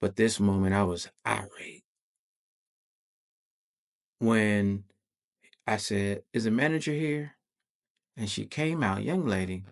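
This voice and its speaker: A man's voice: fairly low pitch, takes it slowly, creaky, pauses often. A man hosting a podcast, telling a personal story in loose, slangy, profane conversational talk. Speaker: podcast host.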